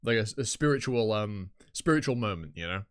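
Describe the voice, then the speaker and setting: A young man with a lowish, smooth, animated voice talks briskly on a live reaction stream while reading a webtoon aloud. He chats casually, rambling and swearing freely.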